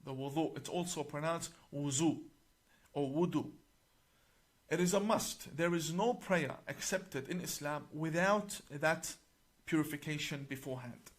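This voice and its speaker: A middle-aged man, an imam, explaining a religious book to camera in a deliberate, emphatic way, slowing on key words and reciting passages in Arabic. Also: on the high side.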